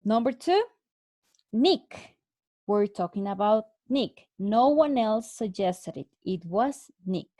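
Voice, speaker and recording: A woman teaching an English lesson, explaining answers slowly and clearly with repeated examples. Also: medium pitch, expressive, dark tone, dry recording. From Mexico. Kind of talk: recorded online English lesson.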